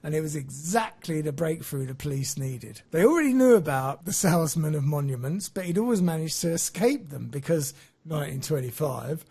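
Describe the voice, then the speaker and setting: A man with a slightly husky, somewhat high voice tells a story on a podcast. He is casual and chatty, and he often chuckles at his own jokes. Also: animated, a little fast, warm tone.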